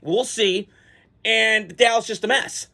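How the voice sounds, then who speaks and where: A man with a fairly high voice vents about his football team in a loose, rambling way, full of ums and restarts. He gets excitable and swears freely as he talks it through. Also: slow pace, creaky. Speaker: sports vlogger. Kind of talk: casual fan reaction rant.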